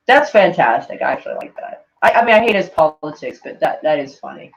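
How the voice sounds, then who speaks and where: A woman's voice: low voice, big pitch swings, moderate pace, highs cut off. A woman live-streaming in a casual chat, reading tweets aloud to her viewers, swearing freely and laughing often.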